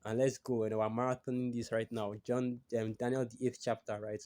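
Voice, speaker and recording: Mellow-voiced man preaching scripture. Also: mid-range voice, flat delivery, a little fast. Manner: conversational, frequent tag questions and restarts; reads verses aloud. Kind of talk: scripture teaching sermon.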